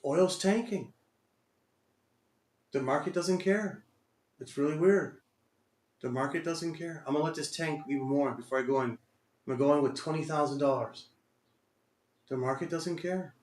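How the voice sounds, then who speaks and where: A man's voice: a little high, normal speed, long pauses, darkish tone, reverberant. A man streaming his day trading live, talking to himself and exclaiming in frustration at the market. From Texas.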